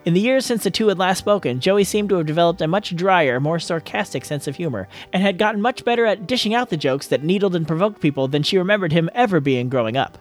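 A man narrates a chapter of a novel aloud in a steady, storytelling delivery. His voice sits somewhat high for a man. Faint music plays behind the reading. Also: quick pace, hardly any pauses. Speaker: guest reader.

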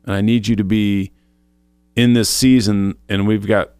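A man's voice: lowish voice, little pitch movement, unhurried, a little mellow, clean tone, no room sound. A man co-hosting a faith show, earnestly retelling a personal spiritual experience, quoting his own thoughts aloud with frequent restarts. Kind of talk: personal testimony in casual chat.

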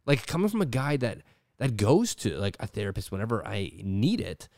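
Lower-voiced man in casual podcast chat. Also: big pitch swings, moderate pace, a little mellow, no room sound, studio quality. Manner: rambling, filler-heavy with frequent "like"; acts out quoted voices. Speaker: podcast host. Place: his studio.

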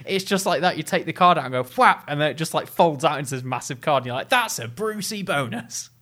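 Young male co-host, fairly high voice, giggly, animated storyteller. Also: fast. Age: young adult. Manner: giggly, tells stories with animated quoted voices. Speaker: podcast co-host. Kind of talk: casual chat.

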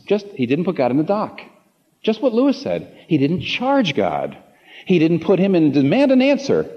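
A man preaching a sermon to a congregation, passionate, repeating phrases for emphasis and swinging from low asides to emphatic peaks. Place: large room before a congregation. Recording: long hall reverb, slightly muffled.

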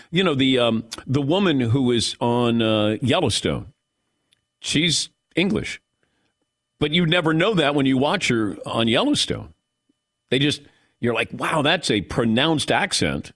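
A middle-aged man hosting a sports talk radio show, telling stories in an animated way with quick asides. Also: mid-range voice, dry recording, studio quality.

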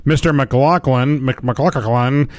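A man's voice: mid-range voice, fairly even intonation, slow, no room sound. A man co-hosting a radio show, reading odd news stories aloud in playful banter. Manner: jokey, playful, mock-reading quotes. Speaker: radio co-host. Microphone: studio microphone.

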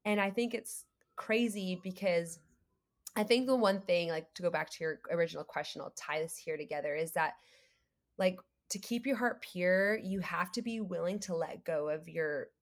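A woman guest on a faith podcast, telling a story in an animated way and acting out the dialogue. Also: lowish voice, normal speed. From United States. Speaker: guest, creative entrepreneur.

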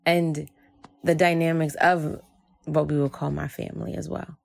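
A woman's voice: sits low, level tone, moderate pace, gravelly, no echo. A woman from Jersey City narrating a personal story in a reflective way, repeating phrases for emphasis. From Jersey City, United States.

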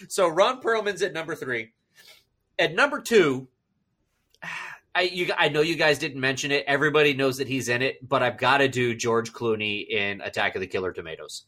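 A man co-hosting a podcast in casual chat, excitable and jumping to high squeals of surprise. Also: normal speed. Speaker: podcast co-host.

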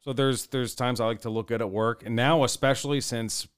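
A man's voice: mid-range voice, fairly even intonation, fairly quick, clean tone. A man co-hosting a casual podcast, rambling and swearing casually. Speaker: podcast co-host. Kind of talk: casual chat.

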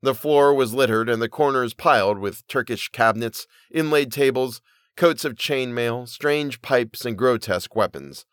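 A man reading a Victorian short story aloud as storyteller, in steady, measured narration. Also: mid-range voice, clean tone, no echo, studio quality.

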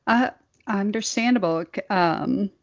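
A woman's voice: mid-range voice, measured pace, gravelly. A woman in casual conversation who listens and reacts with short interjections and gasps. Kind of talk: casual chat. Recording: dull lo-fi sound.

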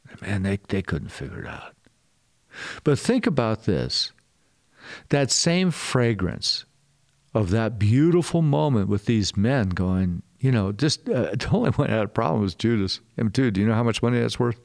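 A man preaching a sermon in a casual, animated way, with slangy asides to his listeners. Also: lowish voice, moderate pace, creaky. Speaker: pastor.

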